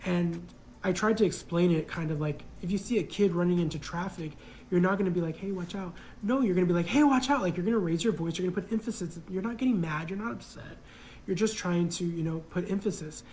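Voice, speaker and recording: A man's voice: high-pitched, fast, a little mellow, slight background noise, poor audio. A man casually telling a personal story in a reflective, hesitant way, full of fillers.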